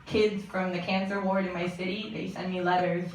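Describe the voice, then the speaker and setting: A woman's voice: fairly low pitch, moderate pace, a little hiss or hum. Young woman doing stand-up, echoey. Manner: deadpan jokes with frequent laughs. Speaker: stand-up comedian. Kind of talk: stand-up set. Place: comedy stage with live audience. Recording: echoey live room from far off.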